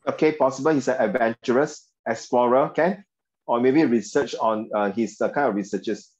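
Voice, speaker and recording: A man's voice: mid-range voice, normal speed, darkish tone, muffled recording. A man with a Singaporean English accent teaching an online English class in a chatty way. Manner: chatty, mixes in Mandarin, frequent okay and right. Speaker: English tutor.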